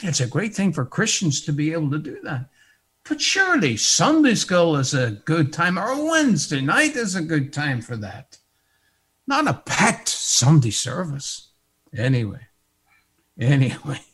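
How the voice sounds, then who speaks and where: A middle-aged man preaching a sermon, swinging from hushed, near-whispered lines to emphatic, raised declarations. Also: mid-range voice, breathy edge.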